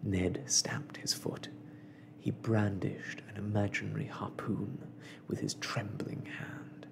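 Soft, slow, gravelly male storyteller. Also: lowish voice, flat delivery, whispered. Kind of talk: ASMR story reading.

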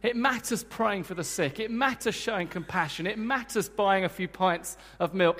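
Male preacher, lively and joking, high voice, long hall reverb. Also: moderate pace, few pauses. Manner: energetic, emphatic, joking with the congregation. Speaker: guest preacher. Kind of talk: sermon. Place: church hall.

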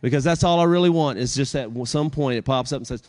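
A man's voice: mid-range voice, fast, darkish tone. Earnest man preaching a sermon. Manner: earnest, with pointed rhetorical questions. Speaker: guest preacher. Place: church service.

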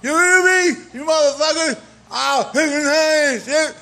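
A man ranting furiously and profanely, screaming and pleading, his voice strained from yelling. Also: very high-pitched, measured pace. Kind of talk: angry rant.

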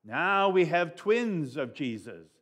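A man's voice: fairly high pitch, big pitch swings, takes it slowly, a bit bright, pitched above the performer's own voice, heavily acted. A man voicing a cheerful young boy who laughs and cheers, in a read-aloud story. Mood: laughing.

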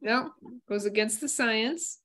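A woman co-presenting a webinar over a video call, speaking briskly and moving the questions along. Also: a little high, a bit bright. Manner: brisk and affirming, quick agreements. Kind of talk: casual webinar conversation.

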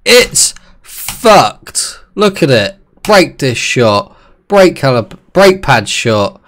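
Excitable swearing streamer man. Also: medium pitch, takes it slowly. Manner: excitable, swears a lot, chats with viewers. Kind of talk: live gameplay commentary.

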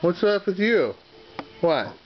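A man chatters to his dogs in a teasing, coaxing sing-song, dragging his words out slowly. His voice sits a little high for a man. The home video sounds muffled, with a steady hiss behind him. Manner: playful baby talk to dogs, teasing and coaxing. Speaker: dog owner filming his pets.

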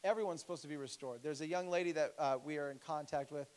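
A man who pastors a church, preaching a sermon with animated stories and emphatic appeals. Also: fairly high pitch, quick pace, low-quality recording. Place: church sanctuary.

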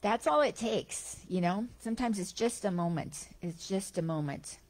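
A woman's voice: medium pitch, moderate pace. Chatty woman giving a Sunday spiritual talk. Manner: animated, chatty storytelling. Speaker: guest speaker at a spiritual center.

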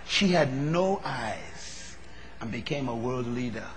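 A man preaching a sermon, moving from low, measured talk to loud, fervent preaching. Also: animated. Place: large hall. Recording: long reverb of a large hall.

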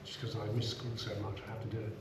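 A middle-aged man leading a relaxed scripture class, chatty, with many asides and repeated "you know"s. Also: lowish voice, quick pace. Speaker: scripture teacher. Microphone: small action camera. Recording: roomy room, faint background hum.

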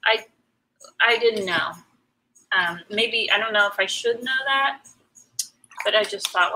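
A woman's voice: medium pitch, unhurried, pauses often, bright, forceful tone, a little hiss or hum, poor audio. A middle-aged woman chatting casually while she paints, answering viewer comments in a rambling way with many ums and restarts. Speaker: artist hosting a live painting stream.

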